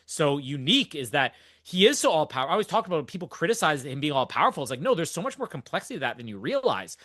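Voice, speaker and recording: A man's voice: fairly high pitch, big pitch swings, fast, pushed and bright, no echo, studio quality. A young man hosting a podcast, chatting casually and enthusiastically through a movie recap, rambling and laughing often. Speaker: podcast host.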